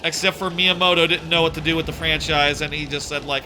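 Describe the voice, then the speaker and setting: A man's voice: a little high, steady tone, quick pace, bright, forceful tone, faint music behind. A man giving casual gameplay commentary as a streamer, rambling and sardonic, with frequent stammered restarts.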